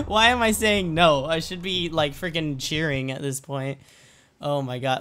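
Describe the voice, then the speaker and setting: A young man in his late teens, a gaming YouTuber, rambles and jokes through let's-play commentary, often gasping and laughing. His voice is a little high, smooth and a bit bright, with fairly even intonation and a measured pace.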